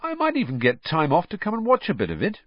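A man's voice: high voice, wildly swooping pitch, fast, dry recording, highs cut off, pitched above the performer's own voice, full character voice. A man voicing a wistful, playful young man, an older brother, in a storybook reading.

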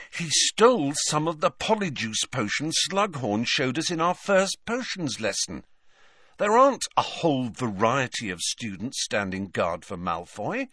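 A man reading aloud, voicing an eager, impulsive teenage boy wizard who talks excitedly. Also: fairly high pitch, no room sound, clean studio sound, pitched above the performer's own voice, heavily acted. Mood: puzzling. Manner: excited, quick to leap at ideas.

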